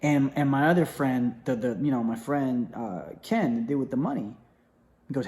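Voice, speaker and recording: A young man telling a story in a casual, animated way, acting out what others said, with many fillers and restarts. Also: mid-range voice, normal speed.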